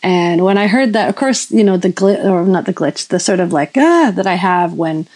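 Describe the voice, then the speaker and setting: A woman's voice: on the low side, animated, normal speed, a little mellow, poor audio. A woman in her fifties preaching in a casual storytelling way, rambling with many restarts and self-corrections. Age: 50s. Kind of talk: sermon-style storytelling.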